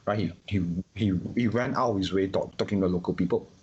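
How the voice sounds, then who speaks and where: A Singaporean man in casual conversation, talking in an animated way with many restarts and repeated words. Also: low voice, fairly quick, highs cut off, a little hiss or hum. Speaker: guest.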